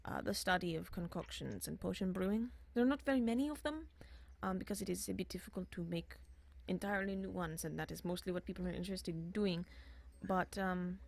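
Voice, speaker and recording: A woman narrating a tabletop game as game master, halting with fillers and restarts. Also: lowish voice, flat delivery, gravelly.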